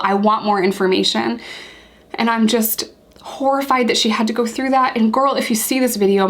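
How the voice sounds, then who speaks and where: A young woman from the United States hosting her own vlog, speaking earnestly and with open outrage, repeating points for emphasis. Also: a little high. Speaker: YouTube channel host. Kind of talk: impassioned commentary vlog.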